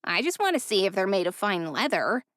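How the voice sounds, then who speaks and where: A woman voicing a scrawny, whiny young man in an audiobook, eager and excitable. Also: medium pitch, fairly quick, no room sound, studio quality.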